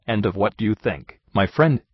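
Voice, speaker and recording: A man's voice: lowish voice, expressive, normal speed, husky, no echo, highs cut off. A man reading as a shrewd, probing male detective. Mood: inquisitive. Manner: politely probing questions.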